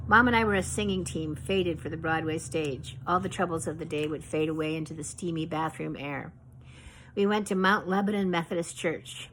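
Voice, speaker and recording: A woman with a lowish voice reads her memoir aloud at a measured, reflective pace. A faint hiss of noise sits under the voice throughout. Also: poor audio. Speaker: author reading her memoir. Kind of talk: memoir reading.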